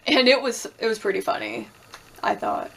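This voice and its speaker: A woman's voice: a little high, normal speed, vocal fry, fairly bright tone, slightly rough. Chatty young woman recapping reality TV. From Puerto Rican and Cuban heritage. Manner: chatty, swears freely, acts out quotes, laughs often. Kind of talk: casual recap chat.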